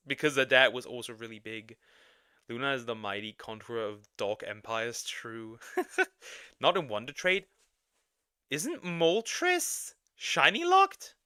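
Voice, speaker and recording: A man with a non-native English accent chats on a livestream, rambling and restarting his sentences. His voice is bright and crisp with a lot of swing in pitch, and it sounds close and dry. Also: unhurried, no echo. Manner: rambling, animated, laughs often, restarts sentences. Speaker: streamer reacting to videos and chatting. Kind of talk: casual livestream chat.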